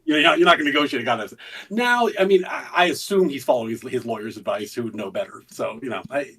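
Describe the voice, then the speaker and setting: A man's voice: medium pitch, animated, fast, a bit bright, breathy edge. A man who works as an attorney, a guest on a casual political chat, talking loosely with swearing and hedged opinions. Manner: casual, profane, hedging. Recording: distant mic.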